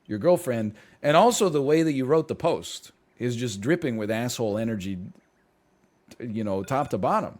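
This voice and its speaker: A young man reacts to posts on his stream, talking casually into a desk mic. His pitch swings widely as he mocks what he reads, often dropping into sarcastic put-on quotes. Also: animated, fairly quick, a little mellow.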